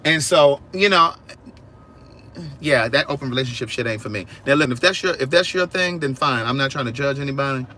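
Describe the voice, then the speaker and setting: A man hosting a casual outdoor livestream, talking directly to his viewers in an animated, chatty way. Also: medium pitch, fairly quick, a little hiss or hum. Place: outdoors in a yard.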